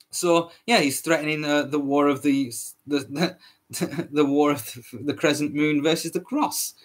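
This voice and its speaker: Guy ranting on his podcast, keeps restarting his words, swears a lot, kinda high voice. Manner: heated, repetitive, swears often, stumbles and restarts. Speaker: podcast host. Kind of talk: ranting solo podcast monologue.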